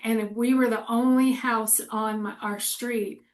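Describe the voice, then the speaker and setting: A woman's voice: fairly high pitch, fairly even intonation, measured pace. Candid rambling woman in her forties. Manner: candid, rambling, laughs often. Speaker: co-host. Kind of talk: casual chat.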